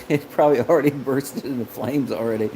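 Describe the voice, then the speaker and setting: A man's voice: medium pitch, normal speed, dark tone, slight background noise, rough recording. A man hosting a casual livestream from a car shop, chatting with viewers and laughing constantly between lines. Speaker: livestream host. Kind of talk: casual live chat with viewers.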